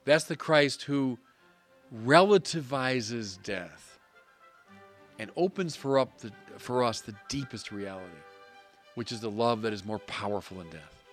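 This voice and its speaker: A priest preaching a sermon in an earnest, measured way with emphatic pauses. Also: male voice, mid-range voice, animated, soft background music.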